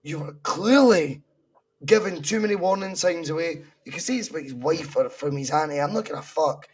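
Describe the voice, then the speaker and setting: A man's voice: a little high, expressive, fairly quick, husky. A Scottish man in a casual football podcast chat, blunt and opinionated, swearing freely. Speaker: podcast co-host.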